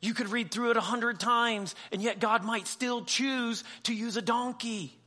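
A man's voice: extremely high pitch, steady tone, measured pace, pushed and bright. A man preaching a sermon as a pastor, talking conversationally, with humorous asides and dialogue acted out in quoted voices.

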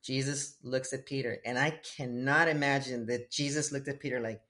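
Animated male tennis coach telling stories. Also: mid-range voice, moderate pace, few pauses. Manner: animated storytelling, acts out voices of kids and God. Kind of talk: casual faith-based conversation.

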